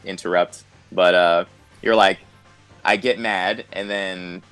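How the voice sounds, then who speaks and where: A young man being coached, talking in a relaxed, agreeable, casual way. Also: low voice, slow, clean tone, soft background music, poor audio. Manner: laid-back, agreeable, laughs often. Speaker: student. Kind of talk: casual chat.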